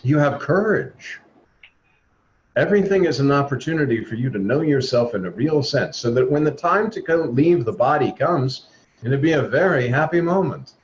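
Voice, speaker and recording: Over dull, lo-fi video call audio with faint noise, a man leads a spiritual talk in an animated, medium-pitched voice at normal speed. He earnestly urges his listeners on and performs the voices he quotes.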